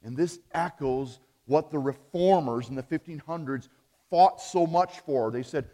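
A man preaching a sermon as pastor, emphatic, punching key words and letting phrase endings drop low. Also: unhurried, big-room sound. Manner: emphatic, swings between loud stresses and low dropped phrase endings.

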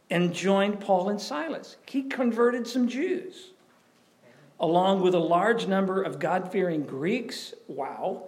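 Animated conversational male preacher. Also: high-pitched. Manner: animated, conversational, asks the audience questions. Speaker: pastor. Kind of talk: sermon.

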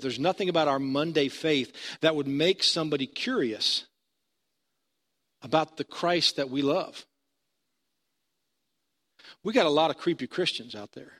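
A man's voice: on the high side, fairly bright tone. A male pastor preaching a sermon in a conversational storytelling manner, building to emphatic points.

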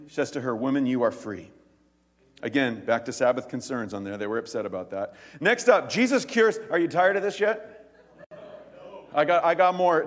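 A male pastor preaching a sermon, retelling stories in a lively, animated way and acting out the voices. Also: fairly high pitch, big-room sound. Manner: animated storytelling, acts out voices, laughs.

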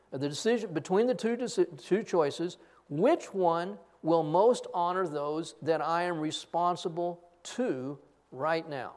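A middle-aged man preaching a sermon, telling a story and acting out both sides of the remembered conversation. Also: on the high side. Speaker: pastor.

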